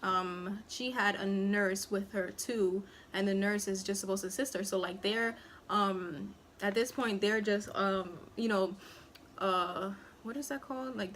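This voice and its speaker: A young woman talks in a casual, rambling storytime manner and leans on fillers. She slips into the voices of the people in her story. Her pitch sits in a middle range for a woman. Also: a bit bright, slight background noise. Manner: chatty, rambling, filler-heavy, acts out quotes. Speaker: vlogger and new mother. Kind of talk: casual storytime while eating.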